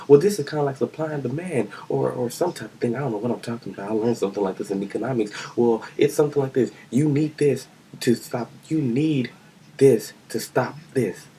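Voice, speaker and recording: A man's voice: medium pitch, dark tone, slight background noise, low-quality recording. A young man from Kansas delivering a rambling, scolding political rant in a home vlog. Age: young adult. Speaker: vlogger.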